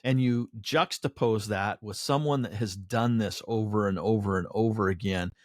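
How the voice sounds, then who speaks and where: Low-voiced man co-hosting, dry sound. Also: moderate pace, dry recording. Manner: thinking aloud with many fillers and restarts. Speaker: podcast co-host. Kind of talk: casual chat.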